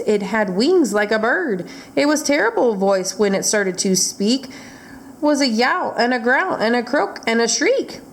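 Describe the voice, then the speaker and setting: A woman's voice: fairly high pitch, creaky, slight background noise. A woman reading a rhyming picture book aloud at a library storytime. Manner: slow, rhythmic rhyming read-aloud.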